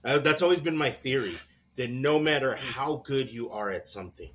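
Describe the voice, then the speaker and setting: A man co-hosting a podcast in casual chat, an animated storyteller who laughs often and acts out the people in his stories. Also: mid-range voice, normal speed. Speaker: podcast co-host.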